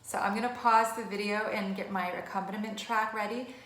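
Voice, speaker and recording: A woman's voice: mid-range voice, fairly even intonation, fairly quick, a bit bright. A woman music teacher giving an online lesson, encouraging and chatty. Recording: echoey room.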